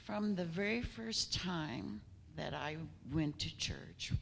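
A woman in a church congregation speaking in a slow, reflective, deliberate way. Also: fairly low pitch, lively intonation, gravelly, a bit bright, a little hiss or hum. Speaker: congregation member.

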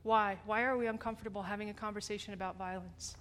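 A woman pastor leading an open group discussion in a church, prodding her listeners with questions and laughing easily. Her voice sits at a middle pitch, with faint background noise. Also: fairly even intonation, quick pace, fairly bright tone. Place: church sanctuary.

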